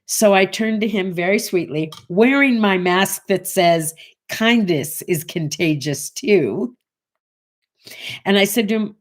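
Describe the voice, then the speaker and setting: A woman's voice: fairly low pitch, a little slow. A woman in her sixties hosting a morning show, telling a casual story and acting out the voices of the people in it. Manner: animated, acts out voices in her anecdotes.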